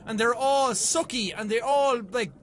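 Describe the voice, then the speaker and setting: Excitable young male gamer, very high bright voice, swears a lot, talks to the game. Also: moderate pace. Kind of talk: let's play commentary.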